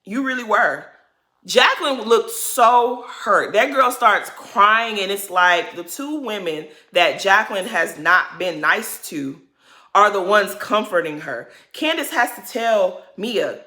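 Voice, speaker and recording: A woman's voice: medium pitch, animated, takes it slowly, bright, forceful tone. A woman giving a casual, blunt recap of a reality TV episode, swearing freely and full of slang. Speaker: recap host.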